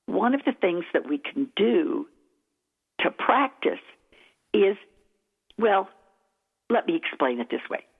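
A woman's voice: medium pitch, sing-song, takes it slowly, long pauses, breathy edge. A woman from Texas explains speaking habits as a radio guest, her voice rising and falling with emphatic stress. She comes through a narrow, tinny phone line. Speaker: speech coach guest. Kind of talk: radio interview.

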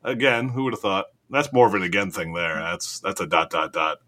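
A man's voice: low voice, lively intonation, fairly quick, sharp tone. A man co-hosting a casual podcast, reading out news items and joking around with lots of laughter. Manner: laughs often, jokey. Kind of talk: casual chat.

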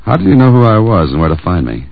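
A man's voice: sits low, very animated, quick pace, vocal fry, full character voice. An actor playing a dry, wisecracking tough guy in a 1940s radio drama. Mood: wry. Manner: dry, wisecracking, hard-boiled. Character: wisecracking tough male adventurer. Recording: tinny 1940s radio broadcast.

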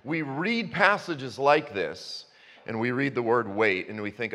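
A man's voice: mid-range voice, very animated, measured pace, bright, forceful tone. Man preaching in a reverberant church. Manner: conversational, building to passionate emphasis. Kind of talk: sermon. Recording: long reverb in a church hall.

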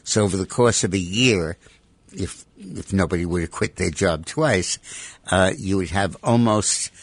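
A man's voice: deep voice, animated, unhurried, dry recording. A man giving opinionated commentary as a radio talk show guest, emphatic and piling up repeated rhetorical demands.

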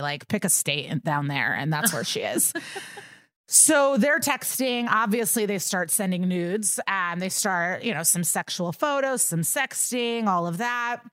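A woman's voice: mid-range voice, a bit bright, no echo, clean studio sound. A woman co-hosting a podcast, retelling a true-crime case in a casual, profane way with laughs, acting out the people she quotes. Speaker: podcast co-host.

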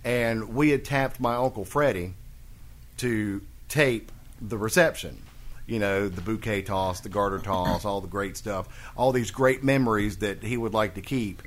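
A man's voice: fairly low pitch, unhurried. Rambling male podcast host telling stories. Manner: rambling, restarts, clears throat often. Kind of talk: casual storytelling chat.

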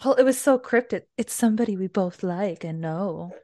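A woman co-hosting a casual book club podcast, recapping chapters in an animated way and swearing freely. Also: medium pitch, moderate pace, no echo, clean studio sound. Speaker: podcast co-host.

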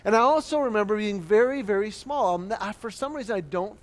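A man preaching a sermon, telling a childhood story with lively acted-out voices and quotes. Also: high voice, fast talker. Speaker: pastor.

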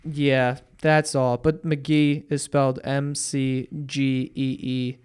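A man's voice: medium pitch, flat delivery, slow, a little mellow, clear, resonant tone. A young man hosting a podcast, telling crude stories and laughing through casual banter with friends. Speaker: podcast host.

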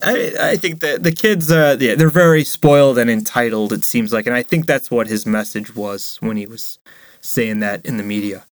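Guy on a sports podcast, mid-pitch voice, chatty and animated, dry close mic. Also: moderate pace, dry recording. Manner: animated storyteller, acts out quotes, laughs a lot. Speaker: podcast co-host. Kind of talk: casual sports chat.

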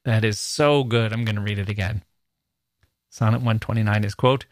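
A man hosting a podcast about poetry, talking in an animated way and acting out rhythms with nonsense syllables. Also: on the low side, normal speed, dry recording. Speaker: podcast host.

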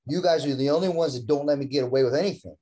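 A man's voice: mid-range voice, racing, dark tone, poor audio. A man hosting a casual chat, rambling through stories and mimicking the people in them.

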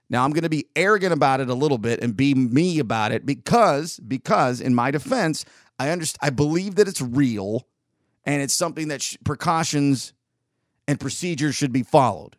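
A man's voice: medium pitch, expressive, normal speed, no echo, clean studio sound. A man, rambling through an opinionated casual monologue as a podcast host. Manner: rambling, opinionated, with frequent restarts.

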